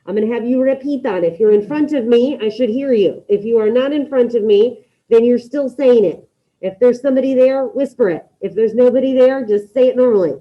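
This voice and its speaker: A woman teaching a Spanish class to students in the room and online, giving brisk, repeated instructions and modeling pronunciation. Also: a little high. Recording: dull lo-fi classroom audio.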